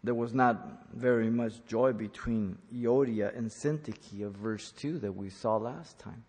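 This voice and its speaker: A man's voice: medium pitch, measured pace, darkish tone, breathy edge, long reverb tail. A man preaching an earnest sermon, speaking as a pastor who repeats key points for emphasis.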